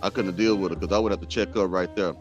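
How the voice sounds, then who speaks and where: A man's voice: low voice, fairly even intonation, rapid-fire, lo-fi sound, over music. Heated, blunt male host ranting. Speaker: host reacting to a clip. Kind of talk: commentary rant.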